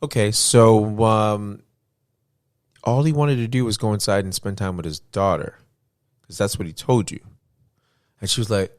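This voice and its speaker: A man with a fairly low voice co-hosts a podcast, recorded dry and close on a studio mic. He talks in a rambling, animated way, restarting his sentences as he retells events. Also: normal speed, long pauses, no echo. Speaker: podcast co-host. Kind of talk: casual podcast chat.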